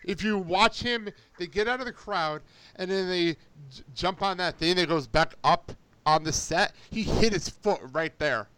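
A man hosting a casual podcast with a high, bright voice that runs above the usual male range. He tells animated stories and keeps breaking into laughter. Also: normal speed, clean tone, dry recording. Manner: animated storyteller, laughs often. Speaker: podcast host. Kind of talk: casual chat.

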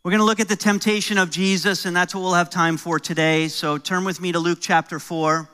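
A middle-aged American pastor delivers his sermon in a slightly high, bright voice. He moves between easy, joking asides and pointed, building emphasis. He grew up in New York. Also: flat delivery, fairly quick, clean tone. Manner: conversational preaching with jokes and rising emphasis.

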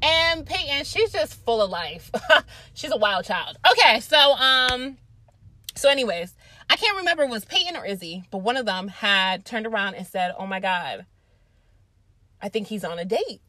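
Bright-voiced young woman telling a story. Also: on the high side, normal speed, dry recording. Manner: profane, animated storytelling with lots of fillers. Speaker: vlogger. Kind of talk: casual storytime chat.

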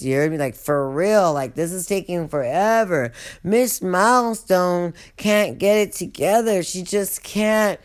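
A storyteller recounting a comic memory, profane and rambling, with drawn-out asides. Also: mid-range voice, clean tone.

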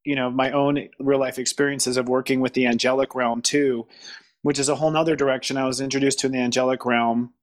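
A man speaking as a guest in a casual spiritual conversation, pausing, restarting and searching for words. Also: mid-range voice, flat delivery. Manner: halting, searching for words, frequent restarts and laughs. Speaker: podcast guest.

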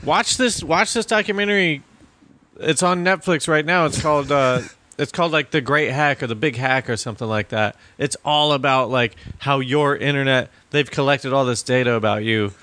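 A man's voice: mid-range voice, moderate pace, sharp tone, dry recording. A man co-hosting a podcast, skeptical and teasing, blunt in how he puts things. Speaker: co-host. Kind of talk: casual podcast chat.

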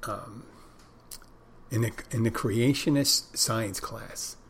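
A man with a fairly low voice talks to his listeners in a loose, unscripted monologue. He wanders from point to point, restarts sentences and corrects himself, and sometimes loses his train of thought. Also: slow pace, slight background noise. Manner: meandering, self-correcting, loses his thread. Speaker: podcast host. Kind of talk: casual rambling monologue.

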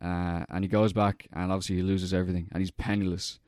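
Rambling man, low dry voice. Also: flat delivery, fast talker, a little mellow, no echo. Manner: rambling, profane, heavy on fillers. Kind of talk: casual chat.

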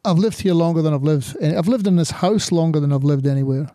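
A man's voice: a little high, fast talker, dark tone, no room sound, clean studio sound. An older man with a mild Scottish accent, chatting reflectively as a guest musician in an interview, often saying "you know". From Scotland. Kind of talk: casual interview chat.

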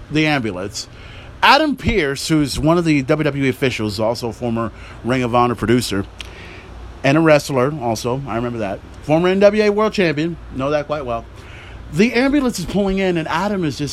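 A man hosting a podcast, recapping wrestling in a profane, excitable, mocking rant. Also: a little high, moderate pace, slight background noise. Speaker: podcast host.

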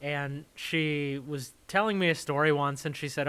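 A man guest on a podcast, explaining an idea in an easygoing, animated way. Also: on the high side, moderate pace, clean tone. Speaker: guest cycle tourist. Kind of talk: casual explanation.

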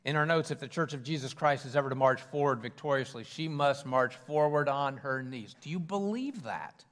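A man's voice: mid-range voice, moderate pace, in a large hall. A man preaching a sermon in a church, conversational with fillers and restarts. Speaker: pastor. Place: church sanctuary.

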